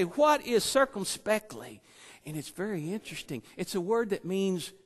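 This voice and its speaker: Man, sermon, lively storytelling, high voice, reverberant church hall. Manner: animated storytelling, acts out quoted voices. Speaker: lay preacher and schoolteacher. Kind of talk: sermon with personal stories.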